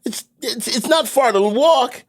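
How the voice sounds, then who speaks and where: A man's voice: very high-pitched, a little slow. A man from New York City, a podcast co-host, telling a rambling story full of restarts. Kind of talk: casual storytelling chat.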